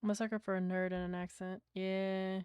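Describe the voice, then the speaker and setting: A British woman rambles to her stream chat in a blunt, profanity-laced way. Her voice is smooth and resonant at a middling pitch. The sound is close and dry, with no room around it. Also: level tone, brisk, darkish tone, no room sound. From Britain. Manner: blunt, sweary, rambling, chatting to her viewers. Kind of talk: casual livestream chat.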